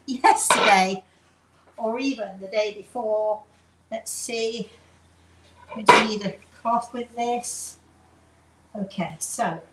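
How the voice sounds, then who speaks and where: A woman's voice: on the high side, takes it slowly, long pauses, heavy background noise. A woman with an English accent hosting a casual home cooking demonstration in her kitchen, chatting in a rambling way and making self-deprecating asides. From England. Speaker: cooking show host.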